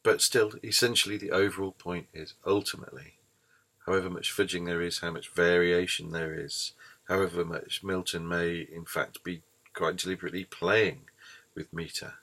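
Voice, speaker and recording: A man's voice: sits low, steady tone, moderate pace, bright, forceful tone. A man giving a screencast lecture on poetry, thoughtful and explanatory, with frequent ums and restarts. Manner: hesitant, many ums and restarts.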